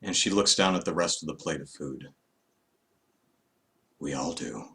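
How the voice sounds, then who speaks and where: A man's voice: low voice, brisk, sharp tone. A man chatting casually on a live stream, rambling and wry with many fillers. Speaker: vlogger.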